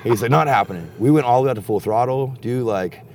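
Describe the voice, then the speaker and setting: A young man with a medium-pitched voice talks fast in casual chat, telling a rambling, profane story. He is animated, swears heavily and acts out what people said, with a little hiss or hum on the recording.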